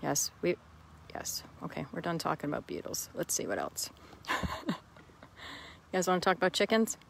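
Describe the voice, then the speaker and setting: A woman's voice: on the low side, sing-song, normal speed, gravelly, a little hiss or hum. A chatty woman hosts a casual live stream outside in her chicken yard. She greets viewers by name, answers their questions, and talks into a phone she holds as she walks around. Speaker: host.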